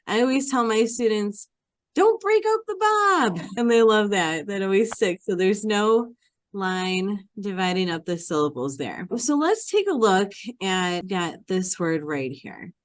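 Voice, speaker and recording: A woman teacher walks through a reading lesson in a patient, repeating classroom way. She speaks slowly at an ordinary pitch. The recording is dry, with no room around her. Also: animated, dry recording. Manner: patient, repetitive classroom explaining. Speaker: Hebrew teacher. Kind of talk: explaining a reading lesson step by step.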